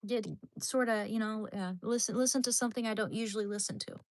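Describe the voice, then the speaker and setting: A woman's voice: a little high, fairly even intonation, fast, darkish tone, dry recording. Chatty woman live-streaming, dry close sound. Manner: rambling and chatty, trailing off and restarting; coos in baby talk to her dog. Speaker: livestreamer chatting with viewers. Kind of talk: casual live-stream chat.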